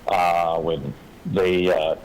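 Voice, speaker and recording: Low-voiced man testifying at a city meeting. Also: flat delivery, a little mellow, a little hiss or hum, low-quality recording. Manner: halting, restarts, plain explanatory. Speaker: applicant's engineer.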